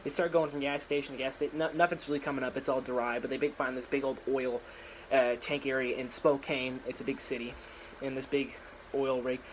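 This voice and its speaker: A man's voice: mid-range voice, steady tone, brisk, a little hiss or hum, poor audio. A young man casually rambling through his own story idea in a slangy, filler-heavy monologue, recorded in a small room at home.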